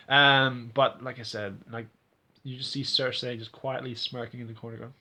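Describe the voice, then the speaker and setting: A man's voice: mid-range voice, pushed and bright. A man giving a casual, rambling recap of a TV episode, full of fillers and restarts, acting out characters' lines in exaggerated voices. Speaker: TV episode reviewer.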